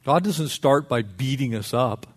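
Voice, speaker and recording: A middle-aged man preaching a sermon, lively and conversational, acting out little dialogues. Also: medium pitch, measured pace, husky. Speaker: pastor.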